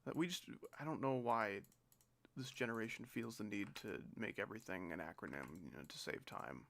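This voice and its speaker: A man's voice: on the low side, fairly quick, vocal fry, fairly bright tone, slight background noise. A young man rambles through a casual stream, dry and sarcastic. His talk drifts from greeting viewers to teasing slang he finds silly. He speaks close to a desk mic.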